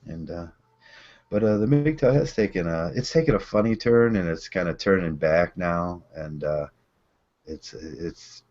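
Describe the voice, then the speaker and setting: A man hosting a casual group chat, relaxed, trailing off with fillers. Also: low-pitched, a little slow. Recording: dull lo-fi online call audio.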